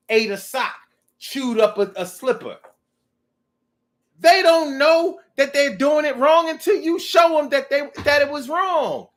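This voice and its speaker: High, lively-voiced man ranting casually. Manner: animated, profane, rambling. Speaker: vlogger. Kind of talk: casual monologue.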